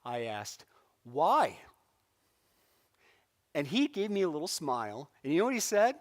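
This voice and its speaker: A middle-aged man from California leads a church Bible lesson, his voice sitting a little high for a man. He talks casually, acting out quotes and stories with a lively, laughing delivery. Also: brisk. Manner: animated storytelling with acted-out quotes and laughs. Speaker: Bible class teacher.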